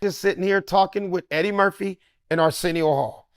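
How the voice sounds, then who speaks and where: A man telling an animated anecdote as a podcast guest, acting out the people in his story with changed voices. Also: high-pitched, brisk, clean tone, dry recording, clean studio sound. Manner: acts out each person in the story with changed voices.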